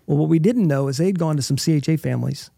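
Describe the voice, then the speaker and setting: A middle-aged man with a deeply gravelly, husky voice recounts an emotional personal testimony as an interview guest. He speaks earnestly, stopping and restarting mid-thought, in a dark, mellow tone recorded dry and close. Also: no room sound. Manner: earnest, halting storytelling with restarts.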